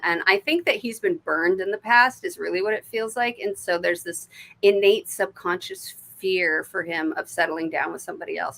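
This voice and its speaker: A woman's voice: on the low side, creaky, a bit bright. A woman with an American accent giving live intuitive card readings. She talks in a chatty, swearing way, laughing often and dropping to murmurs when she asks for messages. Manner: drops to murmurs and whispers when asking spirit. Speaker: intuitive reader.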